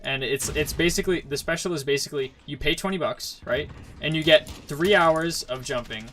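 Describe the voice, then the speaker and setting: A man's voice: on the high side, normal speed, fairly bright tone. Young New man telling a rambling story. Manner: rambling storyteller, heavy use of "like". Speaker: streamer. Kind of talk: casual chat while gaming.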